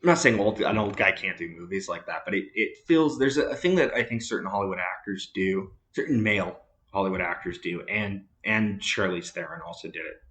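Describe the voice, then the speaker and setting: Man, podcast host, casual movie chat, rambling, hesitant, lots of fillers, somewhat low voice, roomy echo. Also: expressive, a little fast, few pauses, fairly bright tone.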